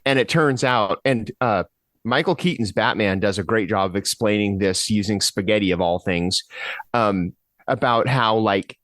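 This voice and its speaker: A man's voice: lowish voice, normal speed, a bit bright, no echo. A man co-hosting a podcast, casually reviewing a film in a laid-back, hesitant way with fillers. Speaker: podcast co-host.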